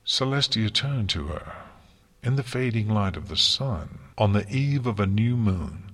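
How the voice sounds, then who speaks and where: A man narrating a story aloud in a slow, even storytelling manner. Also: fairly low pitch, slightly rough. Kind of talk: storybook reading.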